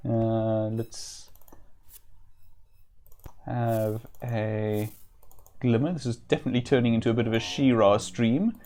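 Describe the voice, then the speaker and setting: A man giving casual let's-play commentary while slightly ill, chatting and reading game text aloud with occasional throat clearing. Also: mid-range voice, fairly even intonation, takes it slowly, long pauses, darkish tone. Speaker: streamer.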